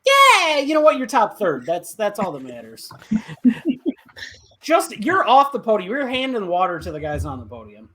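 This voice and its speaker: A man's voice: sits high, huge pitch swings, moderate pace, bright, forceful tone, slight background noise. A man co-hosting a casual podcast chat, teasing his friends and telling jokey stories over a call. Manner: joking, teasing storyteller. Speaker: podcast co-host.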